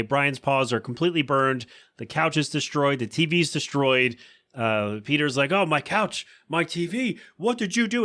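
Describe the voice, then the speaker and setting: Man host, casual recap, bright forceful voice, does silly character voices. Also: mid-range voice. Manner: chatty, acts out quoted lines in funny voices. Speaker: podcast host.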